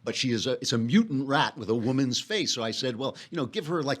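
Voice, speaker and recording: A man's voice: mid-range voice, expressive, fast, hardly any pauses, fairly bright tone. A man hosting a casual studio chat, teasing his guest and laughing often. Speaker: host.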